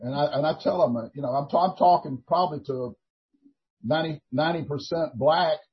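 An older man, a minister giving an earnest, halting testimony in a Christian talk show interview, full of restarts. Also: fairly high pitch, breathy edge. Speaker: prison minister. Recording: dull lo-fi recording.

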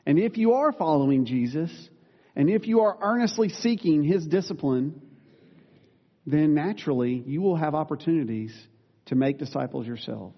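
A male pastor preaching a sermon, earnest and plain-spoken, with self-deprecating asides and quick corrections of himself. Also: on the high side, expressive. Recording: dull sound with long reverb in a large room.

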